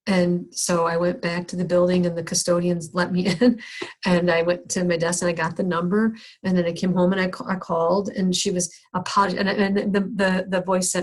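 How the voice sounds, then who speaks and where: A middle-aged woman with a slightly low voice tells a personal story to a workshop group. She is candid and self-deprecating, stumbling and restarting as she talks things through. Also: fairly even intonation, moderate pace. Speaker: counselor teaching a skills session.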